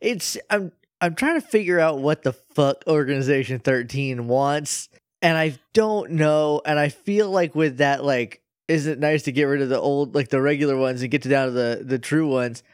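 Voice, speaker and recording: A man's voice: fairly high pitch, normal speed, clean tone, no room sound. Bemused man co-hosting, dry sound. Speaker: podcast co-host. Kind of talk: casual podcast chat.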